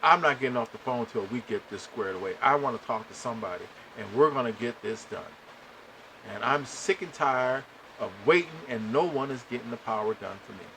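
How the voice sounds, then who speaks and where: A man's voice: medium pitch, a little fast, slight background noise, rough recording. A man hosting a podcast, telling a long story in a casual, exasperated way and speaking straight to his listeners. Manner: animated, exasperated, addresses listeners directly. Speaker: podcast host.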